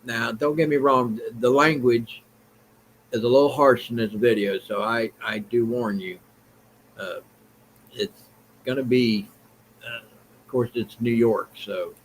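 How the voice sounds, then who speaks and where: A man's voice: mid-range voice, fairly even intonation, measured pace, long pauses, slight background noise, poor audio. A man with a Southern US accent hosting a vlog, giving blunt, rambling opinion commentary in a plain-spoken way. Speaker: vlog host.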